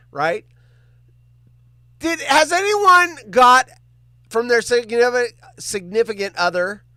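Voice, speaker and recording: A man hosts a casual livestream and chats with his viewers, joking and cursing as he reacts to their comments. His voice sits high and swings widely in pitch, and the close, dry recording keeps it clear and near. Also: no echo. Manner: animated, joking, swears freely. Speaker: livestream host.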